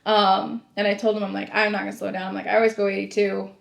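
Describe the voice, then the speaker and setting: A woman's voice: medium pitch, fast, creaky. A young woman, a former sheriff's deputy telling stories in a casual podcast chat and acting out the dialogue. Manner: animated storyteller, acts out quoted dialogue, laughs often. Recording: echoey room.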